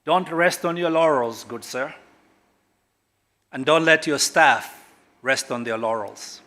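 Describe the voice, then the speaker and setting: A middle-aged man from Kenya, a government guest speaker at a corporate launch, speaks emphatically and swings sharply between loud and quiet. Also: a little high, slow. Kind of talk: public speech at a corporate launch.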